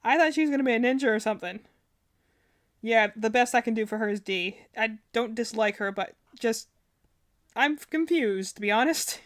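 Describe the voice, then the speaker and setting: Gamer girl streaming, kinda high voice, rambly and chatty, lots of likes and ums. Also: normal speed. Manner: chatty, rambling, many fillers and self-corrections. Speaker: streamer reacting to game trailers. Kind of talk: casual live-stream commentary.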